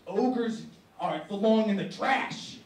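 A man's voice: sits high, slow pace, darkish tone, slight background noise. Brief: a man putting on a dismissive, bigoted dad in a stand-up bit, distant echoey sound. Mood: hateful. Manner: cold, dismissive. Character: hateful angry middle-aged father. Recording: echoey room, from far off.

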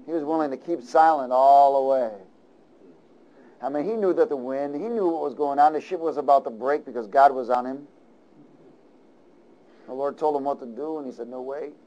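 A male pastor preaching a sermon in a lively, conversational way, often asking the audience questions. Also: mid-range voice, normal speed, pauses often, rough recording.

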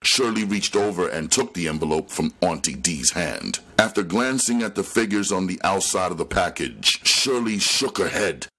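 A man reading a crime novel aloud with expressive storytelling narration. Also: sits low, moderate pace, few pauses, slightly rough. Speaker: audiobook reader.

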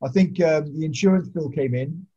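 A man's voice: a little high, normal speed, crowd noise. A man who referees rugby, telling blunt, sweary stories over a video call. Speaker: rugby referee, podcast regular. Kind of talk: casual storytelling chat. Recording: muffled lo-fi video call audio.

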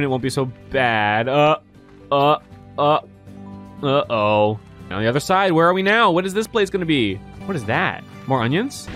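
An excitable young man narrating his gameplay, his fairly high voice leaping up and down as he swears and squeals with delight. Soft music plays underneath. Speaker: gaming streamer.

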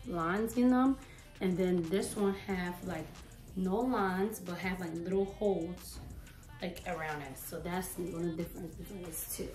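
A woman's voice: mid-range voice, darkish tone. Woman vlogger, chatty try-on haul, a bit breathless, far from the mic, roomy echo, faint music behind. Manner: chatty and playful, hyping herself up. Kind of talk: casual try-on haul chat.

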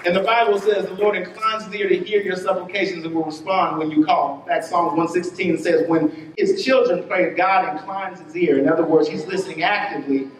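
A man preaching a sermon as pastor, telling a story with quick bursts and drawn-out words. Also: high voice, steady tone, slight background noise. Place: church sanctuary. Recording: roomy church hall, voice from a distance.

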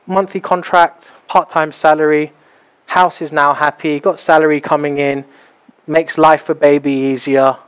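Young male pastor, lively storytelling preacher, slightly high voice, small house church. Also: measured pace, clear, resonant tone. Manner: animated, acts out little scenes. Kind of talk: sermon.

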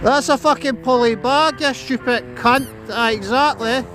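A man's voice: very high-pitched, normal speed, music in the background. A Scottish man chatting on a live stream while walking his dog outdoors, joking, swearing and snapping commands at the dog. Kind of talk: casual live-stream chat. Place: outdoors in a park and by roads.

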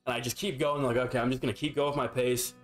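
Young male streamer, mid-pitched, loose profane storyteller over quiet game music. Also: fairly even intonation, fast. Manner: profane, rambling, filler-heavy. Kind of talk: casual storytelling while gaming.

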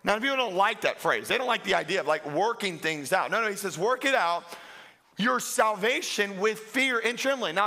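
Male pastor, sermon delivery; high-pitched, animated storyteller who mimics voices. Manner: animated storytelling with self-mocking humor and laughs; acts out quoted voices.

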